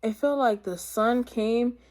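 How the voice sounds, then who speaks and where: A woman's voice: on the high side, slow, a little mellow. A young woman in her teens telling a personal storytime testimony in casual slang, rambling with many fillers and talking to her viewers. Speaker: vlogger.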